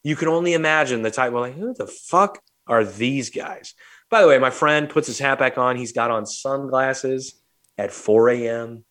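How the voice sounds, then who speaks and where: A man's voice: medium pitch, moderate pace. Casual man telling a rowdy story. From St. Louis. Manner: animated, swears freely, acts out quotes. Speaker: podcast host.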